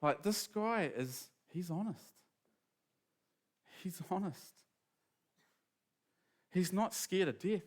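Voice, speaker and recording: A man preaching a sermon in a casual, animated storytelling manner, acting out quotes as he goes. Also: high-pitched, takes it slowly, long pauses.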